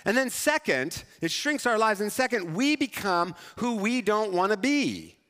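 A man preaching a sermon as pastor, talking in a conversational, animated and self-mocking way. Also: high voice, a little slow. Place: church sanctuary. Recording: church hall reverb.

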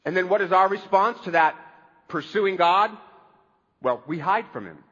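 A man's voice: high voice, lively intonation, moderate pace, a bit bright, husky, long reverb tail, dull audio. A man preaching a conversational sermon as a pastor, with wry humor.

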